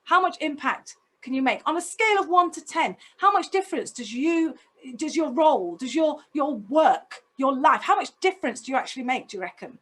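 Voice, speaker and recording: A woman's voice: sits high, lively intonation, brisk, a bit bright. A woman telling a personal story in a talk, intense and emotional, putting direct questions to her listeners. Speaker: speaker.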